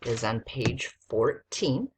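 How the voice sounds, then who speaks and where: A woman teacher giving a recorded spelling lesson to young students, dictating slowly and sounding out letters one at a time. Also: a bass voice, animated, a little mellow, slight background noise.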